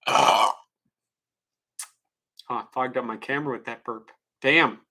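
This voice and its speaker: Male streamer, bright tense tone, loose profane rambling talk to his viewers. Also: mid-range voice, slow. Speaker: livestreamer. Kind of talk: casual livestream chat.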